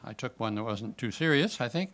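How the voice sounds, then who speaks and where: A man's voice: medium pitch, expressive, a little fast, fairly bright tone. A man reading at an open-mic event, chatty and self-deprecating, with some hesitations. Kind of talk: casual remarks and reading a story aloud.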